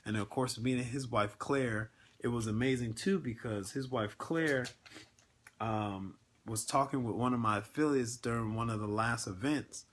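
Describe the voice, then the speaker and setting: A man's voice: mid-range voice, normal speed. A man hosting a casual livestream, talking in an earnest, emotional way with many filler words and ums. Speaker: network marketing livestream host.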